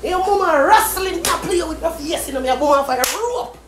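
A woman with a Jamaican Patois accent delivers a heated, cursing rant, taunting and mocking as she goes. Her voice sits high and carries loud. The room around her rings with echo, and faint noise stays underneath. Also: lively intonation, brisk. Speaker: social media commentator. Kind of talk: heated social media rant.

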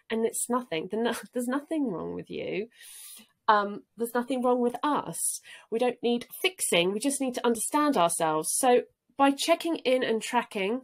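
A woman's voice: on the high side, normal speed. A woman guest talking in an earnest, easygoing way, now and then laughing lightly. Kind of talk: casual interview talk.

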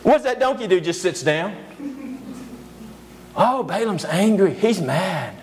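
A man's voice: sits high, lively intonation, a little slow, a little mellow, slight background noise, poor audio. A male preacher giving a sermon lecture, telling a story animatedly with humorous asides.

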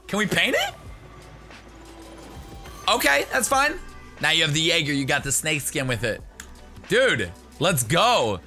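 A young man hosting a gaming video, excitable and jokey, bursting into shouts as he comments. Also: on the high side, a little slow, pauses often, soft background music.

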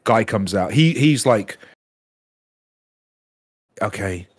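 A man in his thirties tells a story as a guest on a podcast, swearing freely and mimicking the other people involved. His pitch sits mid-range for a man. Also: lively intonation, normal speed. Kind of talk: casual storytelling chat.

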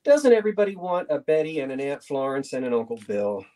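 A man's voice: mid-range voice, big pitch swings, fast, mellow. A middle-aged man hosting a live online sale, chatty and playful as he shows old cards. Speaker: auction host.

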